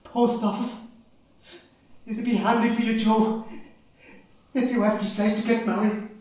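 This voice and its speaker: An older man plays a gentle, remorseful, dying father in an amateur stage drama. He speaks softly and haltingly, with a wistful tone. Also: high-pitched, little pitch movement. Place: stage in a large hall. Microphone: far camera microphone. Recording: echoey hall from far off.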